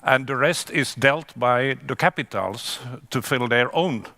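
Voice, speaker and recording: Bright-voiced man moderating a panel. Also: medium pitch, unhurried, no room sound. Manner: probing questions, self-correcting.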